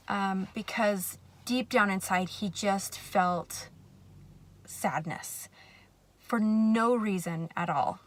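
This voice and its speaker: A woman telling a personal faith story to camera, earnest and reflective, sometimes soft and hushed. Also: medium pitch, takes it slowly. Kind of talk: personal testimony.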